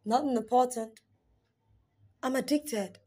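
Husky woman performing spoken word. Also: fairly high pitch, takes it slowly. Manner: dramatic, swings between raised pleading and hushed whispers.

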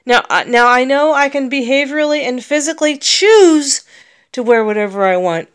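A woman's voice: high voice, clean tone. An American woman talking in a personal vlog monologue, emotional and rambling, with many restarts. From United States.

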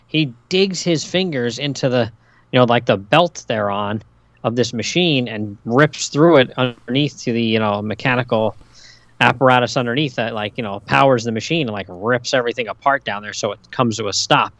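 A man co-hosting a podcast, retelling comic scenes in a relaxed way and reading out dialogue. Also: medium pitch, moderate pace, no echo. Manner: relaxed, frequent "you know", reads out dialogue. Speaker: podcast co-host. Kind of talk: casual podcast chat recapping a comic.

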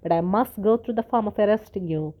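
Brief: woman reading as a sensible male inspector in a storybook, formal and correct, mellow tone. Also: mid-range voice, natural voice. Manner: formal, measured.

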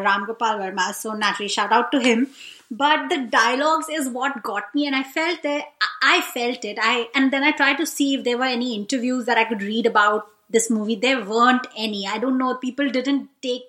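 A woman's voice: sits high, bright, forceful tone, roomy sound. A woman co-hosting a casual chat about films, talking animatedly and acting out lines with laughs. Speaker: podcast co-host.

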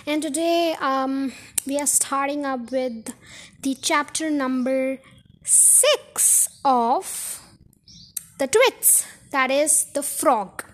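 A woman's voice: high-pitched, extremely slow. A woman reading a children's book aloud on a podcast, chatty, with asides and self-corrections. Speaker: podcast story reader.

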